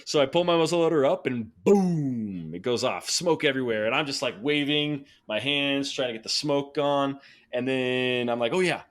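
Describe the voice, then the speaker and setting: A man telling a story casually as a podcast guest, animated and excited, laughing and restarting sentences. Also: medium pitch, moderate pace, clear, resonant tone.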